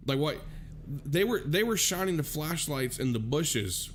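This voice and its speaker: A man hosting a casual talk show, telling a story in a profane, animated way. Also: fairly high pitch, measured pace, slight background noise.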